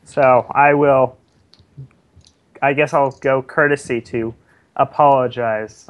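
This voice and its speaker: A man's voice: mid-range voice, fairly even intonation, slow pace, long pauses. A man playing a knight in a tabletop game, speaking earnestly and formally in character. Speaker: player.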